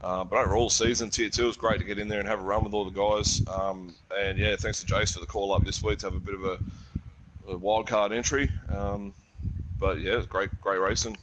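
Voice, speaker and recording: An Australian man, a guest racing driver, answering modestly and hesitantly with many pauses. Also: fairly low pitch, little pitch movement, background noise. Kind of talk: casual interview answers.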